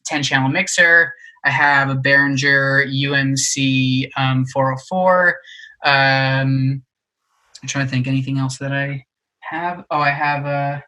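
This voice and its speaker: A man's voice: on the high side, rough recording. A young man chatting on a podcast, telling a story with lots of fillers and acting out the voices of the people in it. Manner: animated storyteller, acts out quoted voices, many fillers. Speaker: podcast guest, musician. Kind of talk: casual chat, storytelling.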